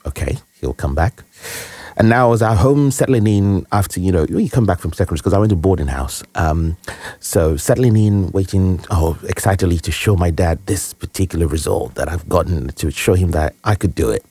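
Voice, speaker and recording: A man with a very low, dark, mellow voice recounts a personal story as an interview guest. He speaks earnestly and reflectively, often restarting his phrases. The recording is close and dry. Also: brisk, slightly rough, no room sound. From Nigeria.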